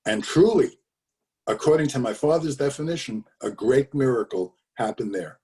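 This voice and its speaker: A man's voice: medium pitch, expressive, a little fast, dark tone, recorded from a distance. An older man telling a family story in a conversational way, over a video call, with fillers and emphatic repetitions. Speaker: speaker telling his father's story.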